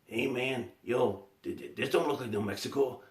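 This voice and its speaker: Man doing a laid-back joking puppet, drawling slang, higher voice, roomy echo. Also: normal speed, far from the mic, natural voice.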